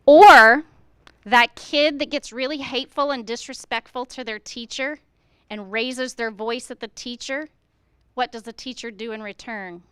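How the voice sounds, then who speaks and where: A woman's voice: a little high, measured pace, a bit bright, clean tone, no room sound. A middle-aged woman, a school administrator, speaking earnestly to fellow educators at a staff meeting, firing off rhetorical questions and acting out how teachers should talk to students.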